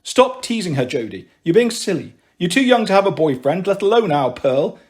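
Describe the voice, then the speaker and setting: A man's voice: sits high, very animated, moderate pace. A man reading a story aloud, voicing a harried mother who scolds her daughters in an exasperated way. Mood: weary. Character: harried, emotional working-class mother. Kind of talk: audiobook reading.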